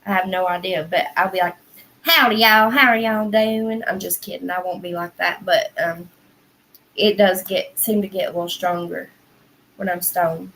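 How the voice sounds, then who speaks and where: A woman's voice: lowish voice, little pitch movement, normal speed, gravelly, slight background noise, rough recording. A woman with a Southern American accent hosting a casual livestream, chatting in a rambling way and answering viewers' comments. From Southern United States. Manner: rambling, chatty, heavy use of "like" and "y'all".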